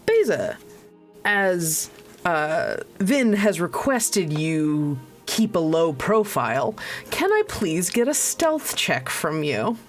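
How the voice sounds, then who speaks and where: A woman's voice: fairly low pitch, very animated, slow pace. A woman narrating as game master, rambling with many restarts and laughs. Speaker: dungeon master. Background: faint music.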